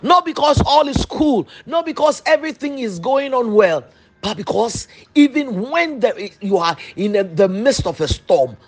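A woman preaching a sermon with fervent, repetitive declarations that rise into shouts. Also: a little high, very animated, moderate pace.

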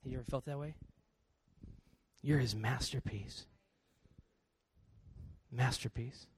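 A man preaching a sermon as pastor, swinging between quiet confession and loud storytelling. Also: mid-range voice, takes it slowly, long pauses, slight background noise.

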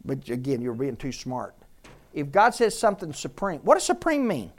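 A woman teaching a Bible class to a room of listeners, lively and joking as she quizzes them. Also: deep voice, normal speed. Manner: lively, jokey, quizzes the audience.

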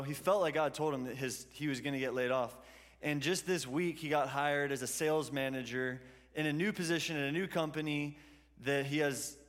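A man preaching a sermon to a church congregation, telling stories in a conversational way. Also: fairly high pitch. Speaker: pastor. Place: church hall. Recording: long hall reverb.

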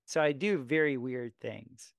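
A man's voice: medium pitch, a little slow, gravelly, clear, resonant tone, dry recording, clean studio sound. A man who works as a massage therapist and astrologer, musing loosely and thinking aloud in a casual podcast chat.

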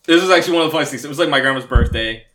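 A man's voice: fairly high pitch, rapid-fire, sharp tone. A young man acting as game master, chatting casually and recapping the game in a rambling, self-deprecating way.

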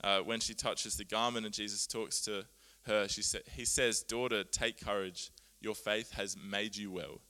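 A man preaching a sermon, earnest and animated, often laughing at himself as he explains Bible words. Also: on the low side, moderate pace, few pauses.

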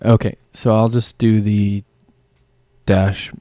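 A man playing a tabletop game, unhurried and easygoing. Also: fairly low pitch, level tone, dark tone, no echo. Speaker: player. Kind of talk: casual tabletop play.

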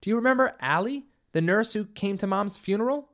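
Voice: medium pitch, animated, brisk, voice pushed up, natural voice. A narrator voicing an eager, determined teenage girl who explains things earnestly.

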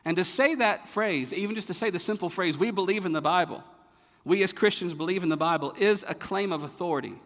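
A man's voice: sits high, fairly quick. Man preaching in a reverberant hall. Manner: rhetorical questions, rising to emphatic peaks then dropping quiet. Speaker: pastor. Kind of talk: sermon.

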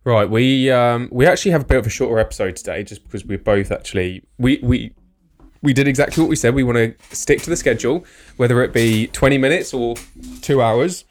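A man co-hosting a casual podcast, relaxed as he reads out listener questions. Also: mid-range voice, a little fast. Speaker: podcast co-host.

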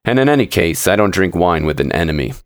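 A grim feuding nobleman with a low, snarling growl, as a man reading a short story puts him on. His voice sits very deep and close to the mic with no room sound. His tone stays bitter and savage. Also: very animated, fast, no echo. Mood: weary. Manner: mocking and savage, then grim and weary. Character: bitter, mocking nobleman poacher pinned under a tree.

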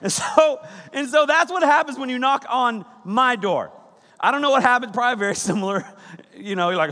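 Male pastor, 30s, high and bright, comic storyteller in the pulpit, big reverberant church hall. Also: expressive, moderate pace. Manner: jokey, acts out scenes with sudden shouts. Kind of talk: animated sermon.

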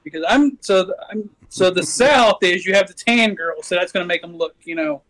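A man's voice: high voice, brisk, a bit bright, low-quality recording. A man co-hosting a podcast, arguing in a rambling way with many fillers. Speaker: podcast co-host. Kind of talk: casual banter.

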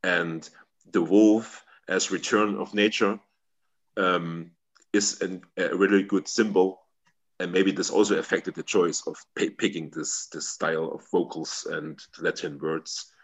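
Halting low-voiced man. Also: fairly even intonation, slightly rough. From Germany. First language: German. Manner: halting, searching for English words. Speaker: guest, metal band member. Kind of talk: casual interview answers.

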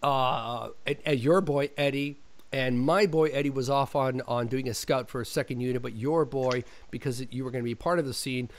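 A man casually telling an animated on-set story, acting out the dialogue. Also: medium pitch, normal speed. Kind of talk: casual chat.

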